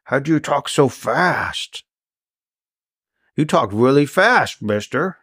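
A man voicing a dim sailor with a broken jaw who talks slowly and haltingly. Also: mid-range voice, dry recording, studio quality, natural voice. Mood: puzzled. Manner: slow, halting speech.

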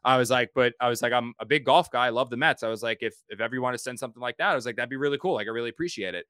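Fast, bright-voiced podcast host. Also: male voice, mid-range voice, smooth, dry recording. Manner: rambling storyteller who repeats words. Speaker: podcast host and sports reporter. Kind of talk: casual podcast chat.

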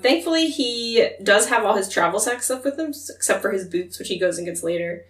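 A woman talks through a book with a friend in a relaxed, chatty way, slipping into characters' voices as she retells scenes. Her voice sits a little back from the microphone in a roomy, echoing space. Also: mid-range voice, a little fast, recorded from a distance. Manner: chatty recapping, acts out characters' lines with laughter. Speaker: podcast co-host. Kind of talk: casual book discussion. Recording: roomy echo, voice set back from mic.

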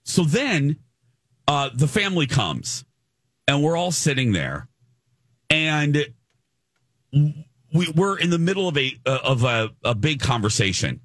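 A man's voice: a little high, unhurried, pauses often, dry recording. Guy on a podcast telling a funny story, voice jumps all over, dry close sound. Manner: animated, acts out quoted voices. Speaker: podcast co-host. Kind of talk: casual storytelling chat.

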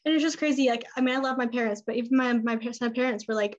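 A woman's voice: fairly high pitch, quick pace. A woman who owns an esthetics business, chatting casually as an interview guest and talking with many "like" and "I mean" fillers. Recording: dull lo-fi sound.

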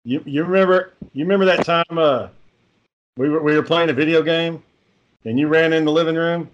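A man recalling old stories to tease a friend. His voice sits a little high. He talks loosely and swears freely. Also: fairly even intonation, fairly quick, muffled recording, slight background noise. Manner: teasing, profane storyteller. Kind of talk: casual chat.

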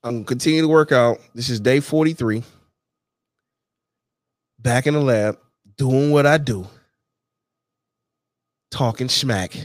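A man's voice: mid-range voice, a little slow, long pauses, no echo. A man, talking casually to camera in slangy street talk and repeating "you know what I'm saying" again and again. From Detroit, USA. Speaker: vlogger.

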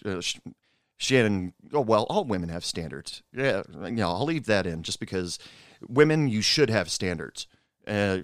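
A middle-aged man, a former bartender, telling stories from his bar days in a rambling, halting way with frequent asides. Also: sits low, clean tone, no room sound, clean studio sound. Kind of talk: casual personal storytelling.

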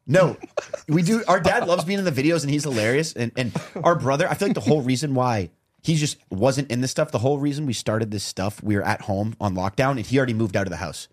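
A man's voice: medium pitch, expressive, quick pace. A young man chatting as a podcast guest, rambling with lots of fillers and self-mocking asides. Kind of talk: casual chat.

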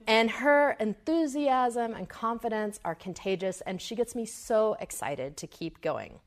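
A middle-aged woman tells a story from the stage, animated and expressive. She slips into her own worried inner voice as she goes. Her pitch sits in an everyday middle range. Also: a little slow, few pauses. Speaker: speaker at a summit. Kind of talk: storytelling talk.

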